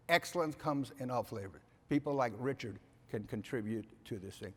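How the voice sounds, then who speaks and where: Older male keynote speaker, emphatic and lively, with a long hall echo. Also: medium pitch, normal speed, few pauses, slightly rough. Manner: emphatic, repeats "okay?" to the audience. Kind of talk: animated keynote speech. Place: conference hall. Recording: reverberant hall sound.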